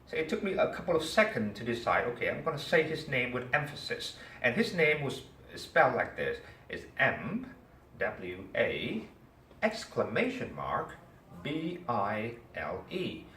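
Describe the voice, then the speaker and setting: A man leads a class with an animated story, asking his students questions along the way. His medium-pitched voice is a little slow, and the echoey room, distant mic and faint ambience come with a little hiss or hum.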